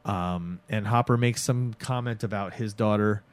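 A young man recapping a show in casual chat, animated, acting out the characters' lines and swearing freely. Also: fairly low pitch, moderate pace, smooth. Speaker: podcast host recapping a show.

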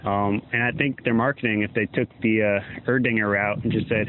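A man's voice: medium pitch, steady tone, fairly quick, hardly any pauses. Male caller from Georgia, riled-up rambler; phone-line audio with faint hiss. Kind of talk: phoned-in voicemail.

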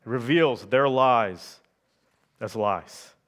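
Delivering a sermon, this medium-pitched man speaks with measured emphasis. He keeps engaging his listeners with brief tag questions.

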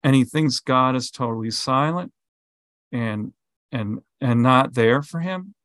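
A man's voice: medium pitch, measured pace, no room sound. A male podcast co-host explaining scripture in a casual way, full of fillers and everyday analogies. The recording is dry and close, with almost no room sound. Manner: animated explainer, with many fillers and vivid analogies. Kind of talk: bible study conversation.

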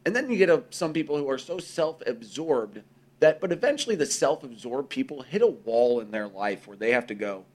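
A man's voice: mid-range voice, fairly quick. A man in casual podcast conversation, swearing freely and acting out other people's voices as he talks. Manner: profane, animated, acts out quoted voices. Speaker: podcast co-host.

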